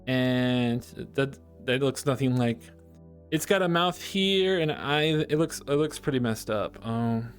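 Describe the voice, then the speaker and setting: A man's voice: mid-range voice, expressive, unhurried, faint music behind. A man chatting playfully with his live-stream chat, joking and drawing as he talks. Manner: playful and goofy, jokes with chat.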